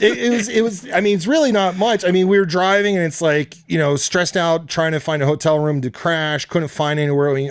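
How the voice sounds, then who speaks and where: Animated, rambling guy telling road stories. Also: on the high side, smooth, dry recording, clean studio sound. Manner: rambling, profane, animated storytelling. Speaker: podcast guest. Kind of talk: casual storytelling. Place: basement studio.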